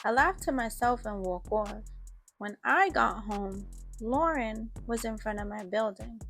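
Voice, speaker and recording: A woman's voice: a little high, measured pace, fairly bright tone, soft background music. A woman narrating a first-person urban fiction story in a casual, slangy way. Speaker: audiobook narrator.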